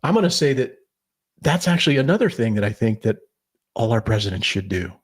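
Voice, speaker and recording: A man's voice: mid-range voice, big pitch swings, a little fast, breathy edge. A man co-hosting a podcast, giving blunt political opinions, swearing and rambling with restarts. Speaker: podcast co-host.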